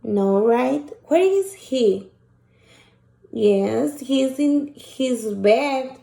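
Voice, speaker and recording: A woman teacher, reading a picture book aloud and asking children questions in a slow, patient way. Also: high voice, lively intonation, creaky, dark tone, reverberant. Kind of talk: shared reading lesson for children.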